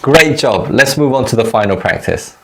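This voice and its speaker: A man teaching a recorded language lesson, giving clear, measured explanations and modeling example phrases for learners to repeat. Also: mid-range voice, lively intonation, noisy background.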